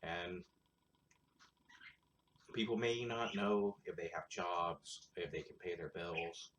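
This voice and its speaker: A man's voice: low-pitched, flat delivery, slow, a bit bright, slight background noise. A man hosting his own show, rambling through casual solo commentary in a blunt, crude, sarcastic way. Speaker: show host.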